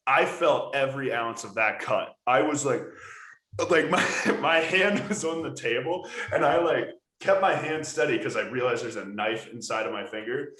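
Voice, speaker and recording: An American man tells stories on a casual podcast. He keeps them lively and laughs as he goes. His voice sits at a middling pitch and rings in a roomy, echoey space. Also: moderate pace. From United States. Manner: animated, laughing storyteller. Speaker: podcast co-host. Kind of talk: casual storytelling chat. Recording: roomy echo.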